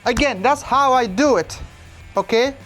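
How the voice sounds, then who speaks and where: A playful barbecue host talks through a cooking demonstration step by step in a relaxed, easygoing way. Silly asides and sing-song exclamations pop up between the instructions. The voice sits in a middle pitch, with faint music playing in the background. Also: unhurried. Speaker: barbecue cook and channel host. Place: outdoors at a large smoker.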